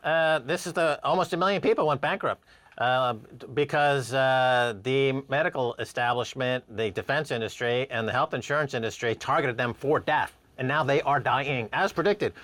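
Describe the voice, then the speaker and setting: A man co-hosting a talk show, ranting sarcastically in animated commentary. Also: mid-range voice, normal speed, no echo. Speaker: co-host.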